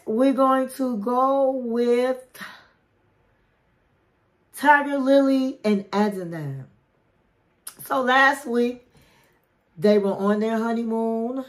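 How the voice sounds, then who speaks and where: A woman hosting a casual reality TV recap, chatty and gossipy, calling her listeners honey. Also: on the high side.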